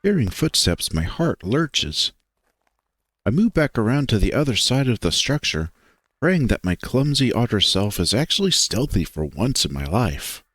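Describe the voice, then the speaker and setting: A man's voice: mid-range voice, big pitch swings, moderate pace, fairly bright tone, slightly rough, no echo, studio quality. A man narrating a visual novel in the first person. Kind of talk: dramatic visual novel reading.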